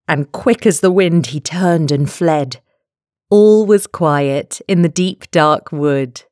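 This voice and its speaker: A woman reading children's rhymes aloud in an expressive, sing-song way. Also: deep voice, takes it slowly, dry recording. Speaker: storyteller. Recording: dry and close.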